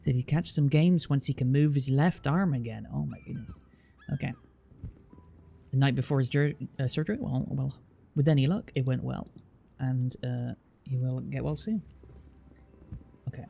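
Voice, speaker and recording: Here a man with a Southwest England accent casually chats with viewers on a stream, musing aloud and leaning on fillers. His voice is mid-range and dark-toned with vocal fry, at normal speed.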